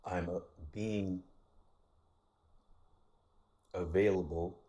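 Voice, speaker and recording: A man with a very deep, husky voice talks in a flat, even tone through a casual vlog monologue. He rambles candidly, restarting his sentences and swearing casually. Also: measured pace. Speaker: vlogger.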